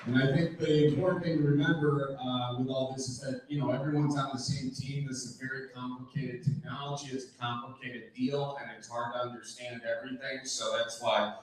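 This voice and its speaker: A man addresses a community meeting in a casual, joking way, wandering into anecdotes. His voice sits at an ordinary middle pitch. It rings through a very echoey hall and sounds well away from the microphone. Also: flat delivery, fairly quick, a little hiss or hum. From Wisconsin. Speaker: public speaker at a community meeting. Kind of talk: casual public talk with jokes. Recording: very echoey hall, voice far from mic.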